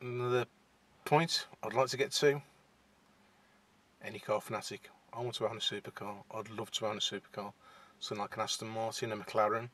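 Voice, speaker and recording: A man's voice: fairly low pitch, steady tone, a little fast, a bit bright. A young man with a West Midlands accent chatting shyly to camera from inside a parked car, hesitant and full of fillers. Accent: West Midlands (Wolverhampton). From England. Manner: shy, hesitant, many fillers and restarts. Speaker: vlogger. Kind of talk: casual to-camera chat.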